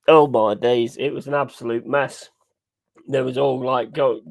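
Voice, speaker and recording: A man chatting casually and excitedly over a live match, swearing freely and rambling through stories. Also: mid-range voice. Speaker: watch-along streamer.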